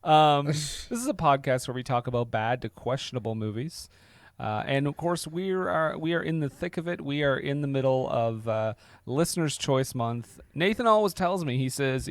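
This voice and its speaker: A man's voice: mid-range voice, normal speed, no room sound. A man hosting a podcast, chatting casually and playfully, sometimes slipping into a mock-announcer voice. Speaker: podcast host. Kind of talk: casual chat.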